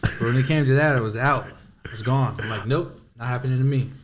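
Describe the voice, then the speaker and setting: A man's voice: mid-range voice, quick pace, slight background noise. Thirties male host, loose profane storyteller who voices his characters; faint ambience behind. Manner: profane, animated storyteller acting out quotes. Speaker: podcast host. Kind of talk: casual chat, storytelling.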